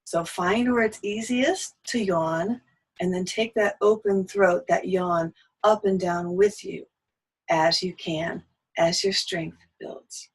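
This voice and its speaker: A woman teaching a singing lesson, speaking gently and breaking into soft sung lullaby phrases. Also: fairly low pitch, slow, husky, poor audio.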